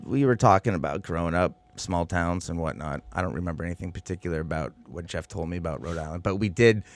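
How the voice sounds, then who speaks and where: A man's voice: low-pitched, fast talker, no echo. A man in his forties, a comedy podcast co-host, telling profane stories in casual chat. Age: 40s. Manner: profane, storytelling, shouts impressions.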